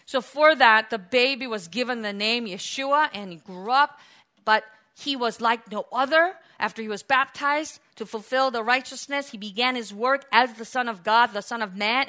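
A woman preaching a sermon, moving from quiet, reflective passages to loud, emphatic ones and acting out the quoted lines with drama. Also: high-pitched.

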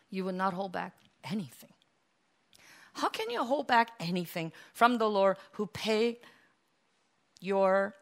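A woman preaching a sermon, retelling a story softly and then building to loud, impassioned appeals. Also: medium pitch, vocal fry.

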